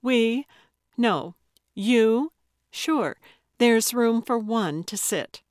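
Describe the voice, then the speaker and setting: A woman's voice: fairly high pitch, lively intonation, drawn-out words, no echo, voice pushed up. A woman voicing a blunt, skeptical female friend in an audiobook. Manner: blunt, dry. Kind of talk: audiobook character voice.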